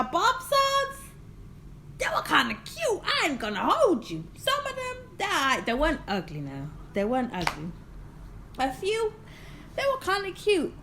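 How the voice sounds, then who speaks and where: Bright, slow-talking young woman. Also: high-pitched, a little hiss or hum. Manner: animated and expressive, with laughter. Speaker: vlogger. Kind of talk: storytime vlog.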